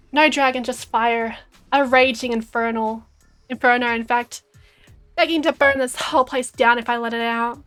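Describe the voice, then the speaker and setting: A woman's voice: on the high side, fairly even intonation, takes it slowly, pauses often, fairly bright tone, clean tone, faint music behind. A woman in her twenties with an Australian accent, streaming a dating game, reading lines aloud and joking with playful, giggly self-mockery. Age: 20s.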